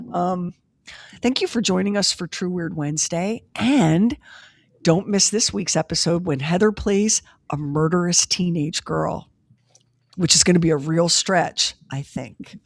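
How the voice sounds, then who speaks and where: A woman hosts a podcast in a relaxed, wry drawl. Her voice sits low and has a gravelly edge. The sound is close and dry. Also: unhurried, no echo. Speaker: podcast host. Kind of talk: casual chat.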